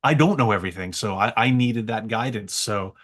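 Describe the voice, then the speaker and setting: A man on a podcast, telling a story with excitable energy and frequent stammering repeats. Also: lowish voice, a little fast. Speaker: guest. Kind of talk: animated storytelling.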